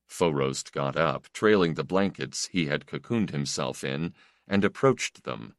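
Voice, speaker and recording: A male narrator reads an audiobook in a measured, steady way. His voice is very deep and moves widely in pitch. The recording is dry and close. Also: no echo. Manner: measured, even storytelling.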